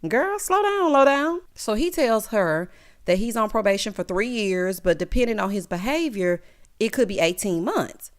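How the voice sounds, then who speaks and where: Lively, sassy woman recapping TV. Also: mid-range voice, normal speed. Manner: expressive, sassy, talks straight to viewers. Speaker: reality TV recap vlogger. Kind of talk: casual recap commentary.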